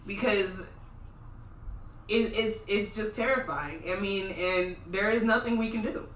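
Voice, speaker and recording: A woman's voice: medium pitch, measured pace, fairly bright tone, a little hiss or hum. A young woman from Minnesota co-hosting a casual podcast, blunt and impassioned, swearing freely. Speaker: podcast co-host. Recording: echoey room, mic at a distance.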